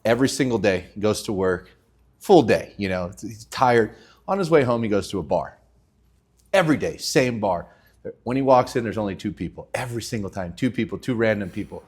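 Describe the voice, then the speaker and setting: Animated man telling a joke. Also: on the low side, a little fast, slightly rough. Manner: animated storyteller, laughs often. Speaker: podcast host. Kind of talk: casual chat with joke telling.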